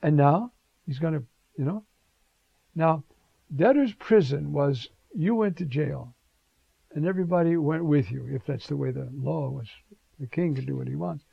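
A man preaching a sermon with emphatic, animated delivery, rhetorical questions and frequent fillers. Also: a little high, moderate pace, creaky, pauses often, husky, no echo. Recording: dull lo-fi recording.

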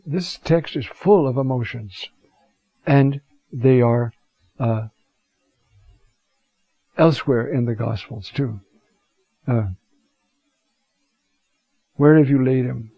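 A man teaching a Bible talk, reflective and unhurried, reading scripture passages aloud with emphasis. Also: mid-range voice, no room sound. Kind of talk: scripture lecture. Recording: dull lo-fi sound.

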